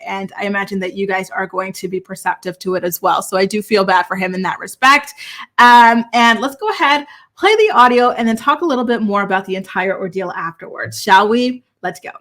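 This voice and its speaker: A woman's voice: medium pitch, fairly bright tone. A woman hosting a reality TV gossip commentary, chatty and opinionated, with lots of fillers and restarts. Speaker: host.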